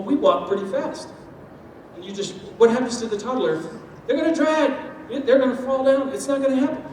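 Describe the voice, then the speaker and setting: Man, high voice, animated speaker on stage, heard from far off in a big hall. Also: a little hiss or hum. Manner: lively, uses homely food analogies and acted-out quotes. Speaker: speaker on step parenting. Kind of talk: talk with audience. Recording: echoey hall from far off, faint ambience.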